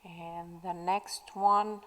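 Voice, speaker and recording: A woman's voice: fairly low pitch, little pitch movement, extremely slow, fairly bright tone, in a large hall, rough recording. A woman teacher recording a spelling lesson for pupils at home, dictating words patiently from her classroom. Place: classroom at school.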